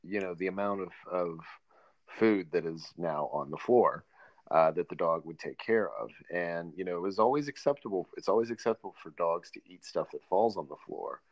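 Deep-voiced, easygoing man co-host. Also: animated, normal speed, dry recording, low-quality recording. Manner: easygoing, hesitant, many fillers and restarts. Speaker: podcast co-host. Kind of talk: casual chat.

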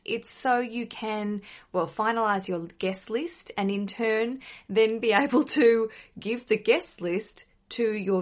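A woman hosting a wedding advice podcast, chatty and emphatic, blunt with some mild swearing. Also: mid-range voice.

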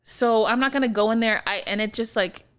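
A woman's voice: brisk, a bit bright, clear, resonant tone, dry recording. A woman co-hosting a casual podcast, venting bluntly about work with frequent swearing. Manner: blunt and profane, mostly low-key, venting. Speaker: podcast co-host; hospital clinician. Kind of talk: casual chat.

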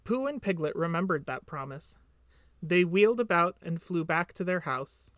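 A man reading a children's storybook aloud for a podcast, gentle and measured. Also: fairly high pitch, lively intonation, no room sound, studio quality. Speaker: podcast reader.

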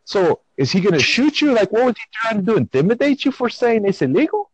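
A male host asking curious questions in casual chat, with halting, slightly non-native phrasing. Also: sits high, sing-song, poor audio.

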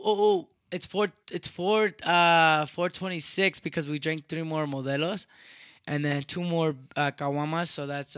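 A man's voice: a little high, a bit bright, smooth, no room sound, clean studio sound. A young man in his twenties telling a rambling, profane story in casual podcast chat, dropping in Spanish phrases. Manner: rambling, profane, with frequent restarts.

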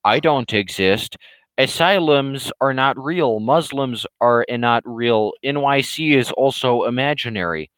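A smug preachy troll guy, as a man puts him on, higher and drawn out, lecturing slowly, smooth and dry on the mic. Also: fairly bright tone, no room sound, close to an everyday voice, poor audio. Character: preachy, condescending male online troll.

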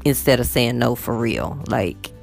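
A woman teacher, chatting casually to her viewers in an animated storytelling manner. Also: a bass voice, unhurried, gravelly, faint music behind. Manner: chatty, animated storytelling with acted quotes of students. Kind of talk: casual vlog chat.

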